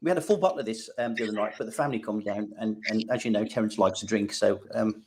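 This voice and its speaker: A man's voice: on the low side, fast, darkish tone, slight background noise. A man co-presenting a live cooking demo, jovial and playful as he chats. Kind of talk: live show banter.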